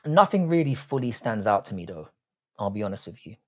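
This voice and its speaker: A man's voice: on the low side, very animated, fairly quick, a little mellow. A man hosting a casual livestream, reading out chat comments and bantering crudely, with frequent swearing.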